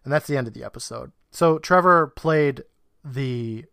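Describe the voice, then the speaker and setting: A man's voice: mid-range voice, normal speed, gravelly, a bit bright, clear, resonant tone, no echo, studio quality. A man co-hosting a podcast, recapping an episode in a laid-back, storytelling way and laughing often. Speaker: podcast co-host.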